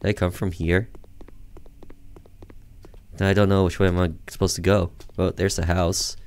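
A man giving let's-play commentary on a horror game, with joking, deadpan sarcastic asides. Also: low-pitched, moderate pace, slight background noise. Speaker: gaming video creator.

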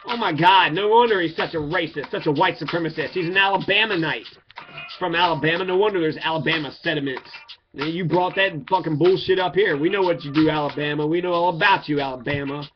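A man with a somewhat high voice rants about politics, swearing freely and calling out his target by name. The recording is dull and lo-fi, and music plays clearly underneath him. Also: fast. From Kentucky. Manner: profane, ranting, addresses his target directly. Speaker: political commentator. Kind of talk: angry political rant.

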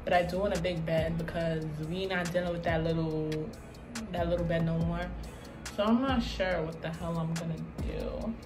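A woman's voice: lowish voice, steady tone, normal speed. A young woman vlogging casually while redoing her bedroom, joking and laughing as she talks to the camera. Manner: chatty, joking, laughs often. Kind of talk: casual vlog chat. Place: bedroom being renovated. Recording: roomy echo, distant from camera, music behind.

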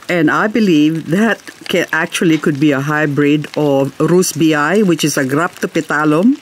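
A woman's voice: deep voice, a little hiss or hum. An Australian woman vlogging casually as she walks around her garden in the rain, rambling and talking to her plants. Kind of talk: casual vlog chat while walking.

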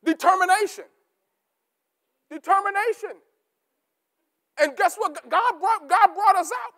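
Pastor guy preaching, real high pitched, yells then drops way low, says words over and over. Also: sing-song, normal speed. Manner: rising to shouts, then dropping to low asides; repeats key words for emphasis. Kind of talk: sermon.

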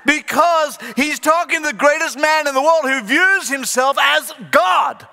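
A male pastor delivers a sermon to a live congregation, acting out the characters as he tells the story. His voice sits high and bright. The sound carries the long reverb of a large church hall.

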